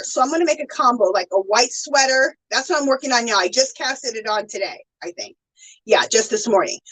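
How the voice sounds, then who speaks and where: Gushing, animated woman streamer. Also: high voice, poor audio. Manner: gushing, emotional, chatty. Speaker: livestream host. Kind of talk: casual livestream chat.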